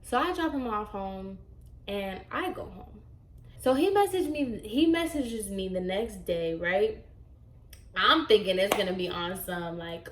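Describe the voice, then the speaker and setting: A young woman vlogger telling a casual storytime, with an animated, sassy way of retelling and lots of fillers. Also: mid-range voice, slow pace. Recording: echoey room.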